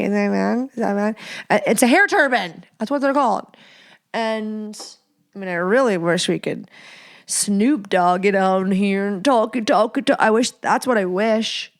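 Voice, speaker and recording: A young adult woman hosting a candid solo podcast, frank and playful, with whispered asides and sudden high squeals. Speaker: podcast host.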